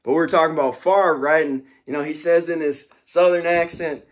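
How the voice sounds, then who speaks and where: A man's voice: fairly high pitch, steady tone, fairly quick. Young male teacher, loose rambling classroom chat, heavy on fillers. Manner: rambling, full of "like" and "you know". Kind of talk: casual classroom talk.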